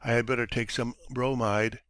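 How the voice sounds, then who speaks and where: A man's voice: mid-range voice, level tone, normal speed, a bit bright, no room sound, close to an everyday voice. A man doing a whiny self-pitying writer. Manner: moaning, languid, self-important.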